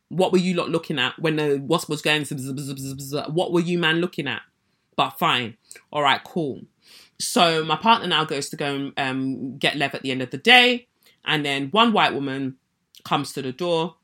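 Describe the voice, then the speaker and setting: Animated woman, indignant storyteller. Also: sits low. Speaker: podcast host. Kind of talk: personal story told to listeners.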